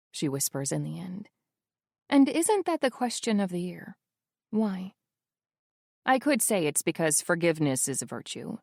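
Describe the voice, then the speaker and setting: A young woman narrating a first-person romance audiobook, wry and intimate, with soft-spoken asides, on a close studio mic. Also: mid-range voice, creaky, no echo.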